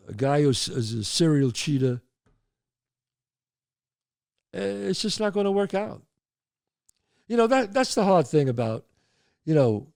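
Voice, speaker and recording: Fairly high and gravelly, this man's voice comes through in clean studio sound without room noise. He hosts a show of neighborhood stories and advice, animatedly calling listeners folks and adding emphatic asides.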